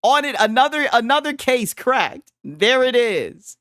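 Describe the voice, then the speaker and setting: A man's voice: extremely high pitch, big pitch swings, a little slow, fairly bright tone, dry recording, studio quality. A man reacting to a clip on his stream, mocking and laughing, with lots of slang. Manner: mocking, laughing, slangy, replays and repeats lines. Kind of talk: casual reaction commentary.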